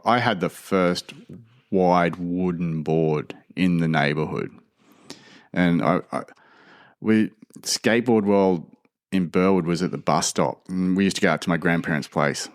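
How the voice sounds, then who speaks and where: A man in his fifties with an Australian accent, telling lively stories as a podcast guest with many restarts. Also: deep voice, dry recording, clean studio sound. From Sydney, Australia. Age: 50s. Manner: animated, full of restarts and laughter. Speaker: podcast guest, skater and skatepark designer. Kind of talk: casual storytelling.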